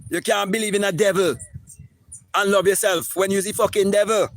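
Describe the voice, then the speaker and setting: A man's voice: sits high, steady tone, brisk, fairly bright tone, no echo. A man, streaming a live spiritual talk in an emphatic, preachy and profane way, often repeating words. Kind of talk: impassioned live-stream monologue.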